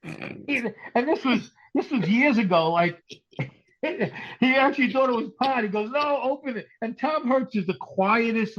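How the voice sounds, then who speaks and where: A middle-aged man with a high voice tells stories in loose podcast chat, acting out every quote. His voice comes through a dull, lo-fi recording. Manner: animated storyteller, acts out quotes. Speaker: comedian and podcast regular. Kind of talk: casual storytelling chat. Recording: dull lo-fi sound.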